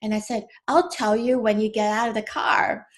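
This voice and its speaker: A woman in her thirties gently telling a personal story about her young son, in a casual, unhurried way. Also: a little high, steady tone.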